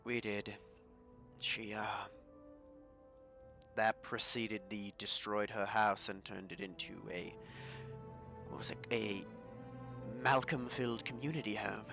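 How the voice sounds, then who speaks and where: A man's voice: lowish voice, fairly even intonation, slow, long pauses, over music. A man playing in a tabletop game, chatting casually and joking. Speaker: player.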